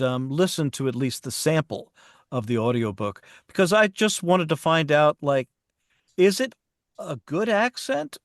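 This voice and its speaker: A man's voice: mid-range voice, no echo. Hesitant male voice-over artist, dry sound. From United States. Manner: hesitant, stammering start-ups. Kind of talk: casual podcast chat.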